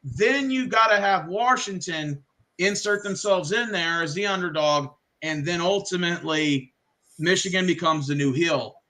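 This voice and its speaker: A man hosting a casual sports chat, profane and excitable, slipping into mock wrestling voices. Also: high voice, moderate pace. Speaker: podcast host.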